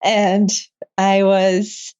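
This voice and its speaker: Young adult woman, med student guest; warm-hearted, laugh-prone storyteller, slightly muffled recording. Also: medium pitch, drawn-out words, clean tone. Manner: emotional, laughs often, animated retelling. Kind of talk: casual interview storytelling.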